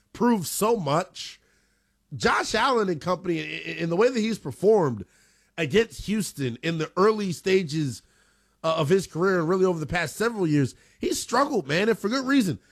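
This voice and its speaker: A man hosting a sports talk radio show, animated and emphatic, with casual slang. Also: high-pitched, moderate pace, no echo, studio quality.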